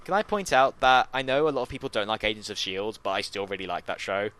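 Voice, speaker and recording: A man co-hosting a casual pop culture chat, chatty and quick to mock with little put-on voices. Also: lowish voice, expressive, fairly bright tone, no room sound. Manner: chatty, slips into mocking voices for quotes. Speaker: podcast co-host.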